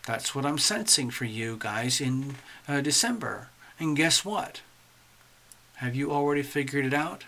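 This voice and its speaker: A man's voice: mid-range voice, lively intonation, unhurried, fairly bright tone. A man hosting a casual astrology livestream, chatting animatedly to viewers while drawing charts.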